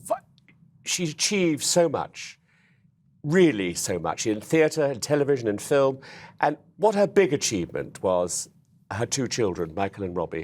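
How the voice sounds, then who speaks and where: A man speaking as a guest in a TV news studio interview, remembering a late friend in a warm, rambling way. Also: fairly low pitch.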